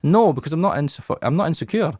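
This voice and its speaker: A man, hosting a podcast in casual talk, candid and animated with plenty of swearing, in his studio. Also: on the high side, quick pace, dry recording. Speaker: podcast host.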